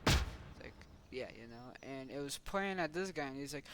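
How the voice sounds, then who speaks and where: A man's voice: mid-range voice, animated, moderate pace. A man casually retelling a story, rambling and restarting his sentences as he acts out the characters. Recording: loud background noise.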